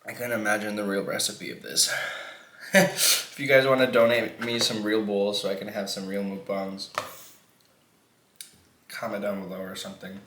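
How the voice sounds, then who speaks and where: A man's voice: on the low side, level tone, normal speed, pauses often, fairly bright tone. A man vlogging a mukbang, telling a story in a rambling, profane way and laughing often. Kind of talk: casual storytelling while eating. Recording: echoey room.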